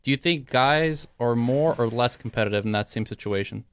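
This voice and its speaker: A young man co-hosting a casual talk show, easygoing and profane, quick to laugh. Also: mid-range voice, clear, resonant tone. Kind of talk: casual banter.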